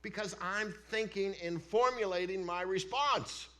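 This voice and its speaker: In a church sanctuary, a pastor preaches a sermon with a high-sitting voice at a measured pace. He is emphatic, swinging between loud declarations and hushed asides.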